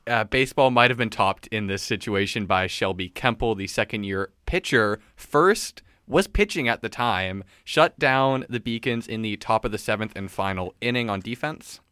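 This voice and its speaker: A male sports host with a low, smooth voice, recapping games in a lively, casual manner. He laughs easily between results. The sound is dry and close. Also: normal speed, hardly any pauses, dry recording.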